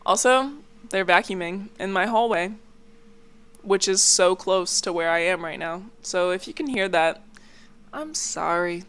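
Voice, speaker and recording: A woman's voice: lowish voice, unhurried, fairly bright tone, clear, resonant tone. Chatty young woman rambling on a podcast. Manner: chatty, rambling, lots of "like" fillers. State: a bit congested. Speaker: podcast host. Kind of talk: casual solo chat. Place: home, near a hallway.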